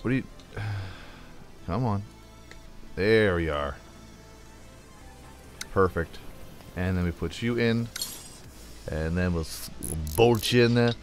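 Rambling, joking man with a low voice. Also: slow, pauses often, soft background music. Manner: rambling, jokey storytelling with playful sound effects. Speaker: let's play host. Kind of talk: casual gameplay chat. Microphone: desk microphone.

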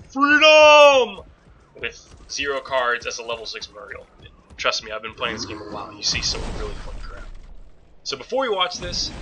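A man hosting a gaming channel, talking through a casual game tutorial voice-over in a chatty way with joking asides and restarts, on a low-quality mic. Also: sharp tone. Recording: noisy low-quality home recording.

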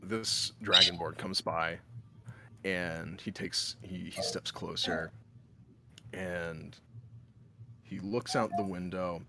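A man narrating a tabletop game as game master, lively and animated, jumping into loud high voices for the townsfolk. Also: slow, a little hiss or hum.

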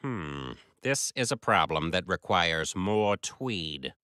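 A man's voice: sits low, expressive, slow, bright, forceful tone, dry recording, clean studio sound, exaggerated voice. A man voicing a pompous, tweedy therapist in a cartoon with a musing manner.

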